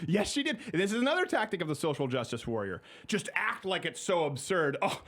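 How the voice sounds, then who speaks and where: A male talk show host rants through his commentary with a sarcastic, mocking edge. His pitch swings widely, and his voice sits a little on the high side. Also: brisk. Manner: sarcastic, mocking, animated delivery. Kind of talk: opinionated commentary.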